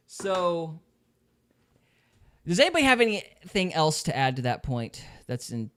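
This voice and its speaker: A man's voice: fairly high pitch, sing-song, measured pace, a bit bright. A man hosting a podcast in casual chat, opinionated and mocking others in quoted voices. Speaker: podcast host.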